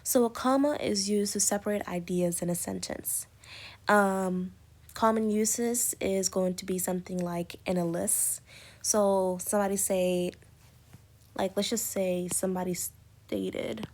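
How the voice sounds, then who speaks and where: A woman's voice: medium pitch, fairly even intonation, unhurried, darkish tone. A woman teaching an English lesson, explaining punctuation step by step with many spoken examples and fillers. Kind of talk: recorded lecture on punctuation.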